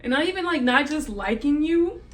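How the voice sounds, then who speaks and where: A woman's voice: high-pitched, animated, normal speed, faint music behind, rough recording. A young woman vlogging about a hard stretch of her life, crying and laughing through tears as she talks openly. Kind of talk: emotional personal vlog.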